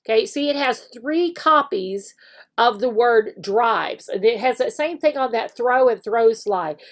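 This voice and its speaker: Woman, online teacher, slightly high voice, casual tutorial, fillers and restarts. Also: lively intonation, a little slow. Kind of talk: screen-share tutorial walkthrough.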